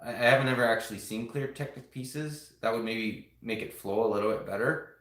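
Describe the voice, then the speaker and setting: A man's voice: medium pitch, brisk, fairly bright tone. A man chatting casually on a live stream, rambling to his viewers as he builds and shows off toy sets. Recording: roomy home room echo.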